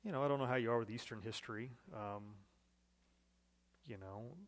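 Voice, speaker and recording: A man's voice: medium pitch, moderate pace, in a large hall. A man teaching a Bible study in a conversational way, reading scripture aloud and asking the group questions.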